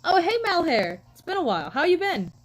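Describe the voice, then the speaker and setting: Her voice is extremely high and sing-song, and she talks fairly quickly over poor audio. The young woman rambles through stories on her live stream, says hi to viewers, and leans heavily on "like" and "um."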